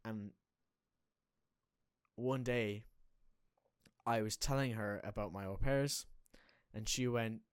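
Young irish guy chatting, lowish voice, keeps restarting his sentences, dry close sound. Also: slow, long pauses, clean tone, no room sound. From Ireland. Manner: rambling, self-correcting storyteller. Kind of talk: casual chat.

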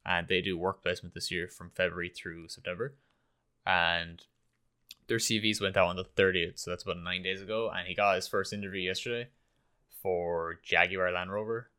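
A young university student in casual chat, relaxed and swearing casually. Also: male voice, sits low, normal speed, clear, resonant tone. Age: young adult.

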